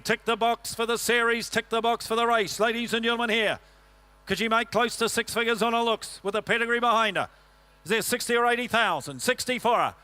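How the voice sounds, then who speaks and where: A man's voice: high voice, sharp tone, clear, resonant tone. A man working as an auctioneer, rattling off rhythmic rolling bid calls and tossing joking asides to the bidders in a sale ring. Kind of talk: rapid auction chant.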